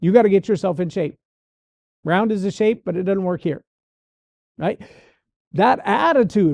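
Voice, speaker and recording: A man's voice: sits high, normal speed, gravelly, long pauses, a little mellow, no room sound. A man hosting a show, giving a folksy motivational talk and acting out the voices he quotes. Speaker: motivational speaker and podcast host.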